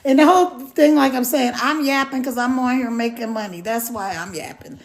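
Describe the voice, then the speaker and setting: A woman's voice: fairly high pitch, a little fast. A middle-aged woman chatting casually on a live stream, rambling and greeting viewers by name.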